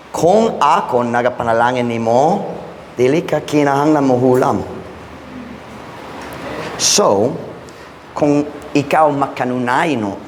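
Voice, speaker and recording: Male pastor preaching in an echoey church. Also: medium pitch. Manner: emphatic, quizzing the congregation with questions. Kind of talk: sermon. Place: church hall. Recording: echoey church hall with long reverb, faint noise.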